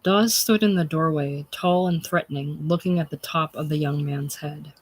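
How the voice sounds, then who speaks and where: A narrator reading a classic novel aloud in a plain, unhurried manner. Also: mid-range voice, fairly even intonation, husky, dry recording. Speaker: audiobook narrator.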